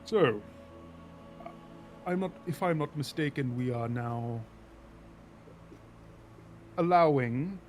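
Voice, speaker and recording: A man's voice: medium pitch, slow, pauses often, a little mellow, soft background music, close to an everyday voice. A proud, armored military commander , voiced by a man in a tabletop game. He speaks in a stiff, curt way and scorns anyone without battle experience. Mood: formal.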